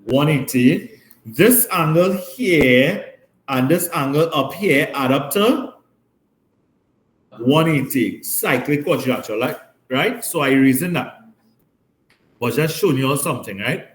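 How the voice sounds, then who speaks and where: A man's voice: fairly high pitch, lively intonation, measured pace. A man teaching a maths class, explaining step by step and often checking with "right?". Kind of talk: classroom lesson. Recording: roomy classroom echo.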